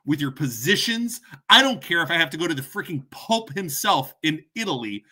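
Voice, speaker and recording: A man's voice: on the high side, lively intonation, normal speed, few pauses, sharp tone. A man hosting a podcast, a parent and coach delivering a furious, ranting monologue full of punchy repetition. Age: adult, parent. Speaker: podcast host. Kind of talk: angry monologue to camera.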